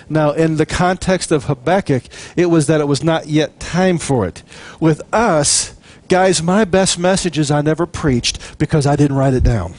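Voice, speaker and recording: A man preaching a sermon, animated and chatty, acting out little scenes and chuckling between points. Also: a little high, a little slow. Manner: animated, jokes and acts out quotes. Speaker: pastor.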